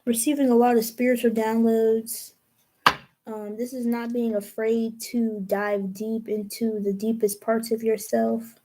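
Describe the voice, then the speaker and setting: A young woman with a mellow, fairly high voice gives a casual tarot reading. She talks slowly and thoughtfully, trailing off mid-sentence and starting over as she works through the cards. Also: little pitch movement, rough recording. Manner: slow, musing, trails off and restarts. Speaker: tarot reader.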